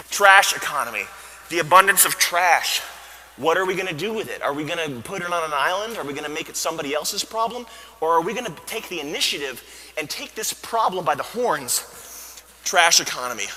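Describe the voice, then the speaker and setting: A man giving a parody motivational talk to a university audience, bombastic and erratic, with sudden shouts. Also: on the high side, animated, moderate pace, a little hiss or hum. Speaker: comedic stage speaker. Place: university auditorium. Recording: echoey hall with faint ambience.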